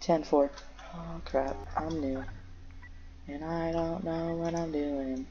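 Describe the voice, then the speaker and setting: A woman's voice: sits low, steady tone, slow pace, mellow, highs cut off. A young woman chatting casually while playing a firefighter game, making radio calls and talking to her cats.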